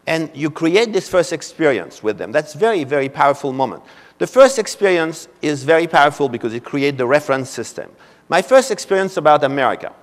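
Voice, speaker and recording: A French-accented man in his seventies delivers a keynote in a big convention hall, and his fairly high voice rings with a long reverb. He tells personal stories in a loose, anecdotal way and keeps adding "you know" as he goes. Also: very animated, a little fast. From France. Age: 70s. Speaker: keynote speaker. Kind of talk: conference keynote storytelling.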